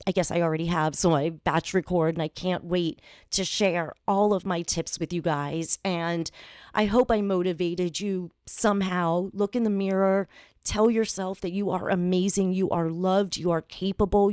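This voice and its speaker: A woman's voice: fairly low pitch, a little mellow, smooth, dry recording, studio quality. A woman hosting a podcast, giving an earnest motivational monologue straight to her listeners and repeating phrases for emphasis. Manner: speaks straight to listeners, encouraging. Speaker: podcast host.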